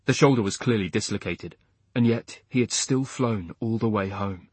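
Man narrating in a husky voice. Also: on the low side, no room sound. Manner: measured, even storytelling. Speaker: audiobook narrator. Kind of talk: scripted narration.

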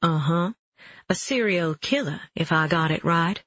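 A reader voicing a calm male police officer who questions in a dry, measured way. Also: a little high, no echo, highs cut off.

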